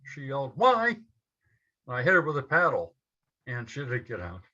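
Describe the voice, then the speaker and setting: A man telling a personal story to a live audience, slowly and in short measured phrases. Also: medium pitch, sing-song, sharp tone. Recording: dull lo-fi event recording.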